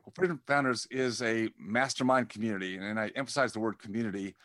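A man's voice: on the low side, steady tone, fast talker, fairly bright tone, dry recording. Rambling man, dry close sound. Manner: rambling, repeats words when starting sentences. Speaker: podcast guest, dentist and community founder. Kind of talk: conversational interview.

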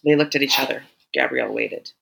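A woman reading a story aloud as narrator in a measured, even way. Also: very deep voice, gravelly, low-quality recording. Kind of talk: scripted narration.

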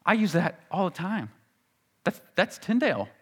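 A man preaching a sermon as pastor, teaching earnestly and slowing down to recite scripture. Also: sits high, sing-song, husky.

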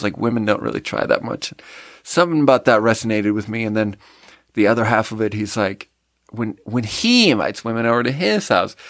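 A man's voice: mid-range voice, fairly bright tone, dry recording, studio quality. A man hosting a podcast, chatting on his own while tasting a drink, rambling and mocking himself in an offhand way. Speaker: podcast host. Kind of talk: casual solo drink tasting chat.

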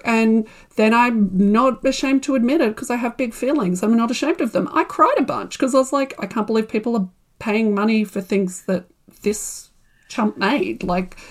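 Lively woman telling a story. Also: high voice. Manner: animated, laughing, acts out her own reactions. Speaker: guest, small shop owner. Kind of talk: casual storytelling chat.

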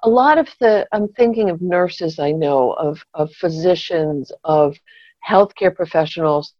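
A woman's voice: lowish voice, dry recording, dull audio. A woman co-hosting a casual chat, thinking aloud in a reflective, wry, digressive way. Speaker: podcast co-host.

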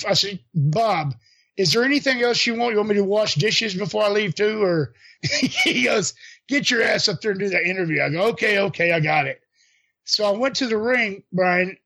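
An older man, a former wrestler, telling animated stories in a casual chat, quoting people and laughing as he goes. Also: high voice. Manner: animated anecdotes with laughs and voiced quotes. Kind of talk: casual storytelling.

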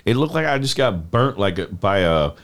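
A man telling a story in casual podcast chat, animated, swearing and laughing as he goes. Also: lowish voice, moderate pace.

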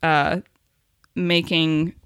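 A woman co-hosting a podcast, chatting casually as an animated storyteller who laughs often. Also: low-pitched, very slow, clear, resonant tone, no echo, studio quality. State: recovering from a face injury. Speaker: podcast co-host. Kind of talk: casual chat.

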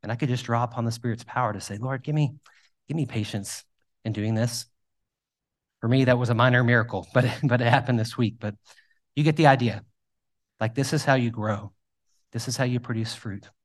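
A man preaching a sermon, telling self-deprecating personal stories in a conversational, animated way. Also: medium pitch, fast. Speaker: pastor.

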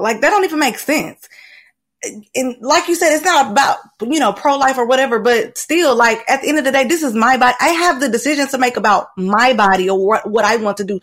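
Emphatic woman co-host, higher voice. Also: poor audio. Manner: emphatic, laughing, indignant. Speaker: podcast co-host. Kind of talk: casual podcast chat.

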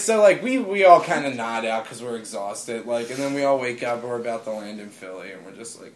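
A man telling a casual, animated story among friends, swearing and acting out the people in it. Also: medium pitch, fast talker, slight background noise. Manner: animated, swearing, acts out voices in anecdotes.

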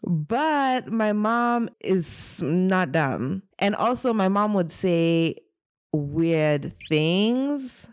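A woman telling a personal story in a casual, animated, dramatic way, with many "like" fillers. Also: medium pitch, drawn-out words, dry recording, clean studio sound. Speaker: guest storyteller.

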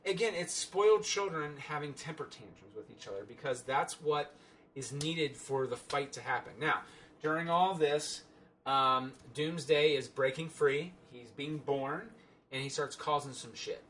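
A man's voice: on the high side, a little slow, a bit bright, a little hiss or hum. A man giving a casual, rambling and sarcastic film review, full of fillers and restarts.

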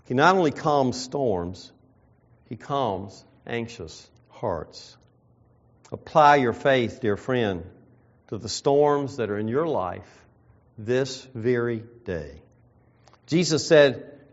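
A man preaching a sermon, reading scripture and slowing down to stress key phrases. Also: a little high. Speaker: pastor. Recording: dull lo-fi sound.

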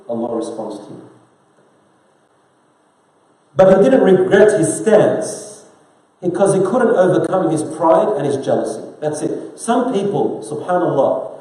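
A man delivers a sermon in an easy, conversational tone, asking his listeners questions along the way. His voice is dark and mellow. It rings out through a very reverberant room. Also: on the high side. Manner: conversational preaching with rhetorical questions to the congregation; quotes scripture in Arabic then explains it in English. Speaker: preacher. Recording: very echoey room.

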